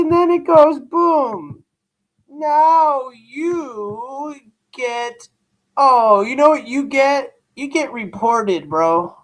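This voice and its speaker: A male live-stream host who speaks slowly and deliberately, drawing out his words. He talks straight to his viewers in blunt, profane, rambling rants. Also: very high-pitched. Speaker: livestream host reacting to news.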